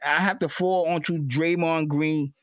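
A man's voice: a little high, fairly even intonation, unhurried, a bit bright, no echo, clean studio sound. A man giving an emotional, repetitive sports rant as a fan commentator, stammering at times.

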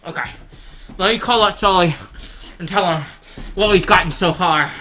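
A man giving comedic gameplay commentary in a brash, profane, mock-rude manner, swinging between loud boasts and mumbled asides. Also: high voice, normal speed, slight background noise. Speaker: guest gamer.

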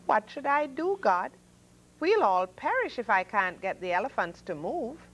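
A woman's voice: a little high, sing-song, moderate pace, fairly bright tone, poor audio. A woman doing old Noah, weary and earnest. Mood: alarmed. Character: old man Noah, weary, patient ark keeper.

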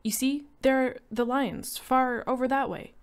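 A woman voicing a frightened, tearful housewife, speaking high and tense in a story reading. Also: fairly even intonation, a little slow, clear, resonant tone. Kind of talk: reading a short story aloud.

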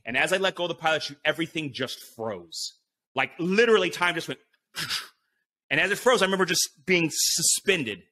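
Bright, forceful man telling a wild story. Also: a little high, animated, normal speed. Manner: vivid retelling that acts out his own inner voice, with frequent swearing and fillers. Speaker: podcast guest, BASE jumper. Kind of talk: animated storytelling.

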